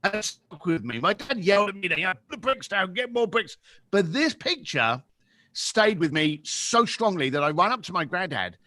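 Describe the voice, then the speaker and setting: Lively London man telling stories. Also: sits high, normal speed. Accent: London English. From England. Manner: lively, acts out voices in anecdotes. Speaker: podcast guest. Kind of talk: animated storytelling.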